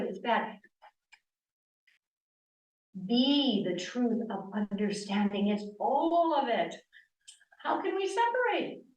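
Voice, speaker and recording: A woman in her sixties, from the northern United States, speaking as a guest speaker on yoga and telling personal stories in an animated way, acting out the dialogue she quotes. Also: medium pitch. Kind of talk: personal storytelling talk. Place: church hall. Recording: echoey room, distant mic.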